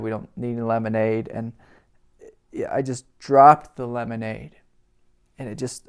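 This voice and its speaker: Man, middle-aged, spiritual teacher, personal storytelling, gravelly voice, reflective and halting. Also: mid-range voice. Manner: reflective, halting, laughs softly between phrases.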